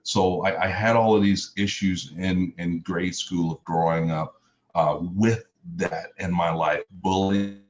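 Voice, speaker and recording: Deep-voiced man telling his life story. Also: steady tone, unhurried, dull audio. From Mississippi, US. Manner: earnest, repetitive lists with emphatic rises. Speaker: motivational speaker. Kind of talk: personal testimony talk.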